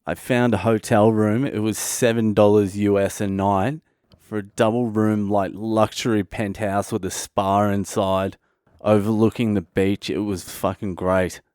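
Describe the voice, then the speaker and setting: A man's voice: lowish voice, darkish tone, clean tone, dry recording, clean studio sound. A man in his thirties from Australia with an Australian accent, telling a comic story on his own podcast in a loose, profane way. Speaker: comedian podcast host.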